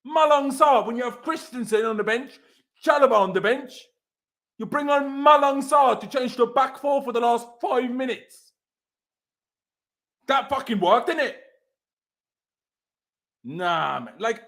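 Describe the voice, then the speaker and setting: Bloke, high-pitched, furious swearing rant after a match. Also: male voice, expressive, moderate pace, long pauses, fairly bright tone. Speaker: football fan channel host. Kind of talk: angry post-match rant.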